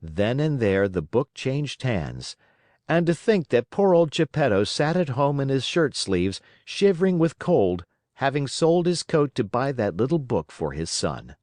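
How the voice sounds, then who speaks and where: A man narrating a classic children's story for English learners, reading in an expressive, lively way. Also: mid-range voice, measured pace, dry recording, studio quality.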